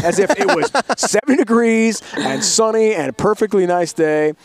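A man's voice: high-pitched, a little fast, dry recording. A middle-aged man, a sports broadcaster, telling a long travel story in an interview, acting out quoted voices and laughing often.

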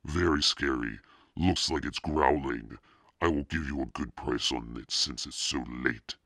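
A man voicing a menacing caped mask-shop owner who talks low and threatening. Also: unhurried, pushed and bright, dry recording, studio quality, exaggerated voice.

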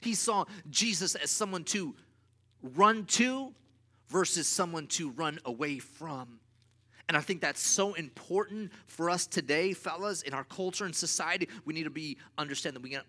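Bright-voiced preacher man, emphatic. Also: on the high side, lively intonation, moderate pace. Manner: emphatic preaching with repeated refrains; swings from loud to quiet. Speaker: pastor. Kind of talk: sermon.

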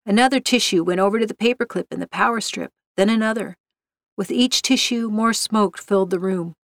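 A woman's voice: medium pitch, fairly quick, no room sound. Woman narrator reading a story, dry close sound. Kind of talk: reading a short story aloud.

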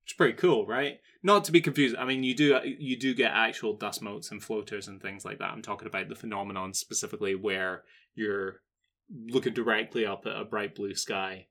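A man with a bright, forceful voice chats loosely with a co-host. He rambles through explanations, restarting his sentences. He has a playful manner. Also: fairly low pitch, fairly even intonation, a little fast. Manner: rambling, explains facts at length, slips into silly character voices. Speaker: podcast co-host. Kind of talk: casual chat.

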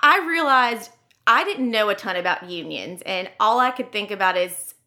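A woman co-hosts a casual podcast chat, talking in an excitable way and laughing often. Her voice is bright and forceful, sitting at an ordinary pitch. She now and then trips over her words. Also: moderate pace. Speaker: podcast co-host.

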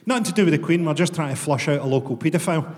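A Scottish man with a Glaswegian accent performs stand-up in a deadpan, profane style, his voice sitting a touch high for a man. He breaks into mock outrage now and then. The sound rings with a long hall reverb over a clear bed of room noise. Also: very fast. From Scotland. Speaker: stand-up comedian. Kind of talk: stand-up comedy set. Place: comedy venue with audience laughter.

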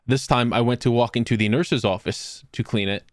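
A man's voice: medium pitch, brisk, dry recording, clean studio sound. A young man telling funny stories on a podcast, joking and acting out what people said. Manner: joking, animated storyteller acting out quotes. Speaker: podcast co-host. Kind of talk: casual storytelling.

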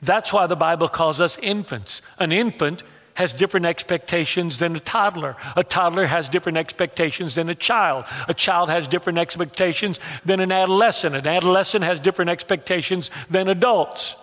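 A male pastor with a high, bright-toned voice delivers an animated, joking sermon, often doubling back on his words as he goes. His voice carries a long reverb, as if ringing through a big church hall. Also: a little fast, hardly any pauses. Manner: animated, humorous storytelling with repetitions and stammered restarts.

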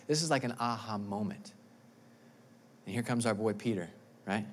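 A male pastor who preaches an animated, emphatic sermon and often repeats words. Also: mid-range voice, a little fast, pauses often, a little hiss or hum.

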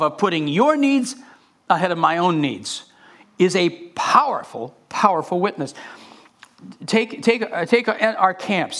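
A man's voice: a little high, fairly bright tone. A male pastor preaching a sermon in an impassioned way, often repeating and restarting phrases.

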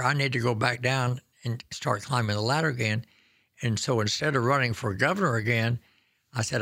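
A man's voice: mid-range voice, vocal fry, a bit bright, dry recording. Man, 90s, from Oklahoma, folksy storyteller, self-deprecating, dry close sound. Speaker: former governor, guest. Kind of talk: storytelling reminiscence.

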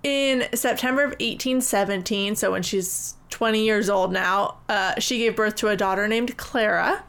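A woman's voice: medium pitch, moderate pace, a bit bright, clear, resonant tone. A woman co-hosting a podcast, telling a history in a casual way with wry, dry jokes. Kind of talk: casual storytelling chat.

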